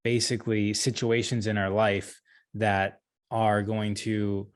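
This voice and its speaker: A man's voice: fairly low pitch, level tone, slow. A man guesting on a podcast, tired from being up late and musing in a rambling, reflective way. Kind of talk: casual conversation.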